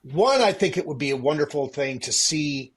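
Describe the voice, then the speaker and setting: A man in his sixties, an actor guest chatting casually, who speaks in a slow, halting way while he searches for words. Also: on the high side, expressive, breathy edge. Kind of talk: casual chat.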